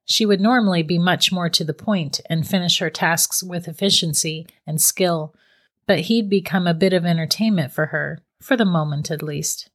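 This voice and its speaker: Woman narrator, lowish voice, steady measured storybook reading.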